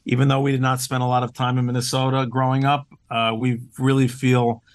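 A man's voice: medium pitch, completely flat delivery, brisk, no echo. A man being interviewed as a team owner, speaking with earnest enthusiasm and filling his sentences with "uh" and restarts. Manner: upbeat and earnest, with many "uh" fillers and restarts. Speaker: team owner, podcast guest. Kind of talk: casual interview conversation.

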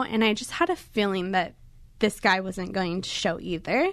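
A woman's voice: mid-range voice, moderate pace, fairly bright tone, no echo. A young woman, a podcast guest, telling her story casually in a studio with lots of fillers. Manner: chatty, many fillers.

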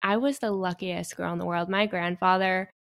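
A woman's voice: fairly low pitch, steady tone, moderate pace, creaky, a bit bright. A young adult woman guest in an interview, speaking earnestly and telling heartfelt stories. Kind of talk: personal interview conversation.

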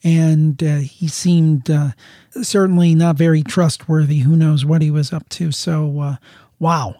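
A male podcast host chats easily with a caller, pausing on fillers. His voice sits fairly high and sounds mellow. The recording is dry and close. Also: flat delivery, no echo. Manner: easygoing, hesitant with fillers. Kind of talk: casual chat.

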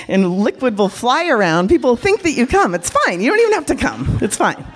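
Woman storyteller, frank, animated, very lively pitch, mid-range voice. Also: normal speed. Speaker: porn director. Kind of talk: live storytelling to an audience.

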